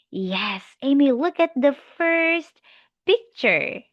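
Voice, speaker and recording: Woman teacher for a kid's demo lesson, very slow, lively pitch, dry lo-fi sound. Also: no echo. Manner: slow, animated, encouraging, with animal sounds. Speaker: English teacher. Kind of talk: demo lesson for a young child.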